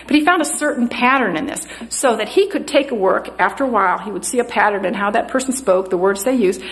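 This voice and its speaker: A woman's voice: medium pitch, rough recording. A woman giving a rambling, earnest Bible study talk in a church, spelling out words letter by letter and correcting herself often. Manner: earnest, with frequent fillers and self-corrections. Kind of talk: lecture-style teaching talk.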